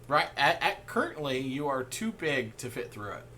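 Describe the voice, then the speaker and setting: A man's voice: medium pitch, sing-song, moderate pace, bright, forceful tone, a little hiss or hum. A man running a tabletop game as game master, rambling with fillers and laughing often. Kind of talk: narrating a tabletop game over an online call.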